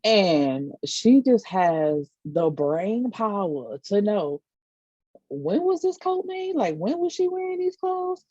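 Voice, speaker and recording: A woman's voice: mid-range voice, sing-song, slow pace, dark tone, husky, no room sound. A woman co-hosting a casual review podcast, recapping the plot in joking, slangy banter. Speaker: podcast co-host. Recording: dull dry lo-fi recording.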